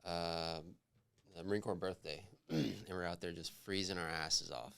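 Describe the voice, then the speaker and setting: A young man talks as a guest in a relaxed podcast chat, recounting stories in a laid-back way and cursing casually. His voice is very deep and smooth. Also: normal speed.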